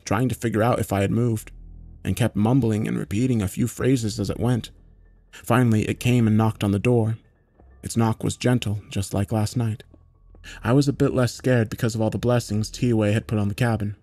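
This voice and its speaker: Measured man narrating a horror story. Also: lowish voice, dark tone, no echo. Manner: measured and matter-of-fact, occasional swearing.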